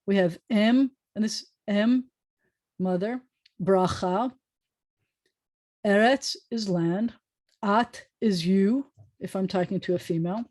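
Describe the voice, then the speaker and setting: A woman rabbi teaching a Hebrew class over a video call, explaining patiently and repeating words slowly. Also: mid-range voice, darkish tone. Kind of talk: online class lecture.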